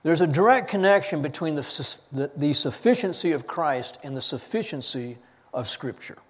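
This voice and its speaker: A man preaching a sermon, reading scripture with rising force and dropping low to press his points. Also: expressive, moderate pace, slightly rough, big-room sound. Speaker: pastor.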